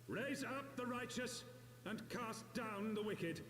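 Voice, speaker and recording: A fervent male priest pleads for divine judgment in a strikingly high, hushed voice, as a man puts him on. He draws out each phrase in a slow, solemn chant. The sound rings in an echoey room with a long reverb tail. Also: lively intonation, faint music behind, full character voice.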